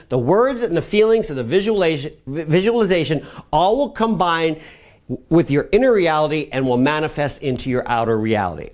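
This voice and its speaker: A middle-aged man leads a motivational personal growth lesson for a web show. His voice sits a little high and swings widely in pitch. He coaches with energetic, repeated commands. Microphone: camera mic.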